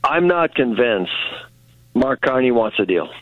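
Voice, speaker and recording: A man's voice: mid-range voice, very animated, a little slow. A man from Canada, a guest commentator on a radio talk show, speaking frankly and emphatically with many fillers. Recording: dull dry radio audio.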